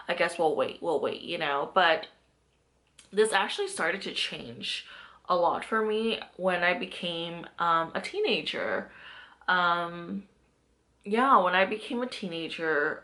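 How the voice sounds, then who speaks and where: A woman's voice: on the low side, pushed and bright. A young adult woman, a mindset coach, giving an earnest, chatty motivational talk to camera and reflecting on her own past. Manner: earnest, chatty, self-reflective, with bursts of animation.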